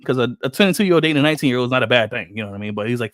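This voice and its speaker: A man's voice: mid-range voice, very fast, hardly any pauses, dry recording, studio quality. A man hosting a casual podcast, telling stories and acting out other people's quotes in a joking, profane way. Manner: animated storyteller who acts out other people's quotes. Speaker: podcast host.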